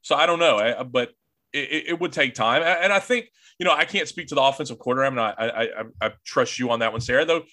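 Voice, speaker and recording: Man, podcast host, forceful bright tone, hesitant restarts. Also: mid-range voice, fast. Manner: hesitant, many restarts, deferential. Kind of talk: casual podcast chat.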